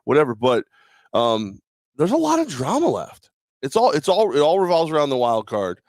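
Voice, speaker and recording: A man's voice: on the high side, huge pitch swings, normal speed, darkish tone, dry recording, studio quality. A hungover man co-hosting a casual sports talk show, rambling and joking with frequent laughs. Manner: rambling, jokey, laughs often.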